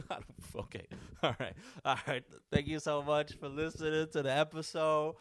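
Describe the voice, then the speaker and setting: A man's voice: a little high, steady tone, moderate pace, hardly any pauses, clean tone, dry recording, clean studio sound. A man hosting a casual solo podcast, telling crude stories full of profanity. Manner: crude, profanity-laden storytelling. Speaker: podcast host.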